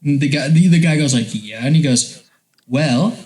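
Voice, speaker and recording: Young podcast guy chatting, tells stories loud and jokey, keeps laughing mid line. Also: fairly high pitch, a little fast, poor audio. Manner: animated storytelling, laughing, doing movie lines. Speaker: podcast co-host. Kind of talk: casual chat.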